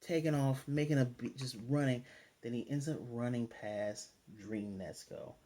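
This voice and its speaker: A man with an ordinary mid-pitched voice reviews an anime episode in a relaxed, chatty way. He retells each scene as he goes and slips in quick paraphrased character lines. His delivery is loose, full of fillers and restarts. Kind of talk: casual episode recap and review.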